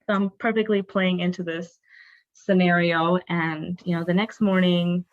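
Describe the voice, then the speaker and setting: A woman's voice: on the low side, flat delivery, a little slow, dull audio. A young woman of Bengali family background, speaking candidly and earnestly as a podcast guest, with lots of casual fillers. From raised in a Bengali family. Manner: candid, earnest, uses many fillers like "like" and "you know". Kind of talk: personal storytelling in a conversation.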